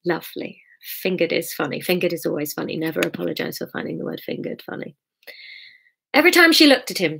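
A woman's voice: lowish voice, fairly bright tone. A woman author reading her own novel live, breaking off for giggly, chatty asides to her listeners.

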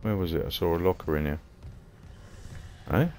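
A man's voice: low voice, moderate pace, darkish tone, a little hiss or hum. A man with a Cockney accent, rambling and chatty while he comments on his gameplay and mutters to himself. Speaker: gaming streamer. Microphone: headphones on, streaming setup.

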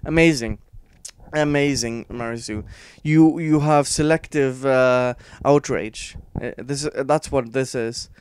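A man reacting to an article he reads aloud, frustrated and sarcastic, halting often with fillers. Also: medium pitch, darkish tone, clean tone, no echo. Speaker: online commentator.

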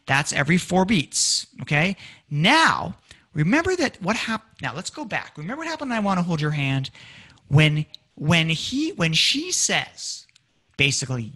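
A man giving a public music lecture, animated and acting out lyrics in dramatic voices for his audience. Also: a little high, normal speed. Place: community presentation room.

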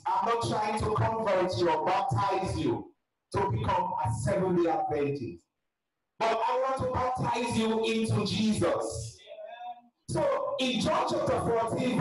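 A man from Africa preaching a funeral sermon in a church. He talks emphatically, often shouts, and calls out to the congregation. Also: very high-pitched, lively intonation, slow pace. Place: large church hall. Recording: very echoey church from far off, with music.

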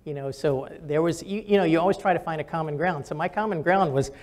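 A man's voice: on the high side, fast talker, a little mellow. Older man, retired general, candid storyteller, audience Q&A, lots of um and so. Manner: candid, storytelling, frequent fillers. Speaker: retired army general and physician. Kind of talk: talk with audience questions.

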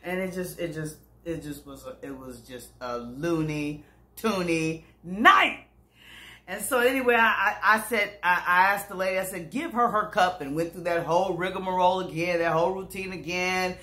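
A woman bus driver telling a comic story to viewers in an animated, chatty way, calling them y'all. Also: lowish voice, moderate pace. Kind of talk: comedic storytelling to camera. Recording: roomy echo.

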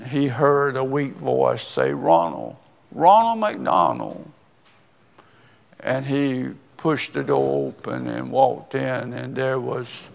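An older man, a pastor, preaching a sermon and telling a story slowly and deliberately, with pauses. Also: mid-range voice, gravelly. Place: church sanctuary. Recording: long reverb of a church hall.

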